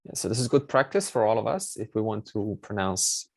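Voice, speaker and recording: A man's voice: fairly low pitch, big pitch swings, fairly quick, vocal fry, slightly rough, dry recording. A man teaching a Sanskrit class online, explaining step by step and repeating key words with many fillers.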